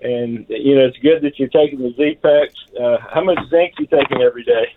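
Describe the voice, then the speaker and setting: A man's voice: mid-range voice, normal speed, noisy background. A man from Texas calling in to a radio show, eager and repeating himself as he starts sentences. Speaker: caller. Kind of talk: call-in radio conversation. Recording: tinny phone line.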